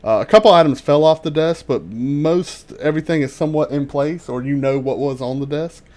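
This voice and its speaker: A man narrating as game master over an online voice call, talking in halting bursts full of ums and restarts. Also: on the high side, darkish tone.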